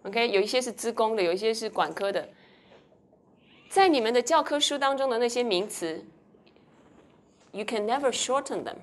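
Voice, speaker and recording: A woman's voice: fairly high pitch, normal speed, long pauses. A woman lecturing a university class, switching between Mandarin with a Taiwanese accent and English, quizzing students as she explains. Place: lecture hall.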